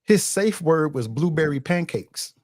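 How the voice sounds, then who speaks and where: A man's voice: on the high side, animated, unhurried, darkish tone, no room sound. Podcast co-host, male, teasing and chiding, dry close mic. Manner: teasing, scolding, laughs while talking. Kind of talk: casual chat.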